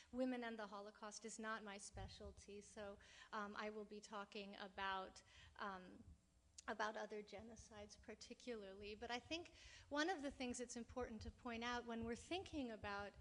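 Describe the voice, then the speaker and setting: A woman's voice: on the high side, a bit bright. A woman academic speaking on a panel, lecturing and often adding "right?" to check in with listeners. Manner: lecturing, frequent "right?" tags. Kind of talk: panel talk.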